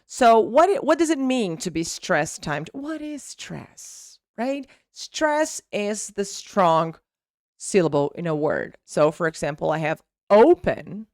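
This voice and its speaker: A woman's voice: fairly low pitch, big pitch swings, slow pace, no room sound, clean studio sound. A young Brazilian woman with a Brazilian Portuguese accent, hosting an English lesson and explaining pronunciation, repeating words as drills. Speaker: English teacher and channel host.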